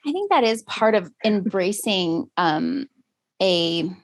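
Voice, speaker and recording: A woman's voice: medium pitch, animated, slow. A woman talking casually about homeschooling her daughter, reflective and laughing often. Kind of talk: casual conversation.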